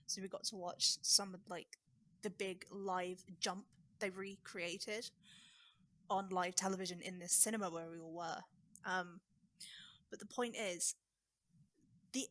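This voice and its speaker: A woman talks as a guest on a casual podcast, lively and informal with many "like"s. Her voice is bright and clear at a middle pitch. The recording is dry and close. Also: no echo. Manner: quick, lively, informal with lots of "like".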